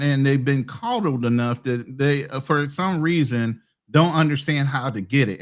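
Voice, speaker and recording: A man's voice: on the high side, a bit bright. Blunt, profane middle-aged man. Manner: blunt, profane, boastful storytelling. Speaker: podcast co-host. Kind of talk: casual chat.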